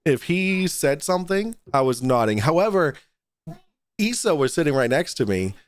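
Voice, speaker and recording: Guy guest on a chat show, kinda halting, dry room sound. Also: on the high side, big pitch swings, no echo. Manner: hesitant, many restarts. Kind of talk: casual chat.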